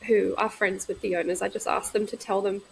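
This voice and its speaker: A woman in her thirties talking candidly in a casual podcast conversation, reflective and halting, often restarting her sentences. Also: medium pitch, little pitch movement, creaky, a little hiss or hum, poor audio. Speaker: guest, midwife.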